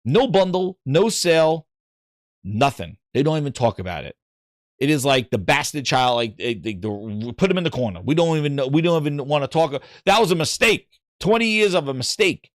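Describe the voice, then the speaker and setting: A man hosting a gaming podcast, ranting in casual chat, animated and exasperated, rambling with frequent restarts. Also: on the high side, moderate pace, no echo, clean studio sound.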